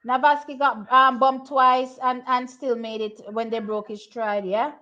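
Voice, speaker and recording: A young woman talks through a track race as it happens. She sits high in her register, repeats herself and thinks aloud in a chatty, excitable way. The audio is slightly dull and lo-fi. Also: unhurried. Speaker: track and field watch-along host. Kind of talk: casual live race commentary.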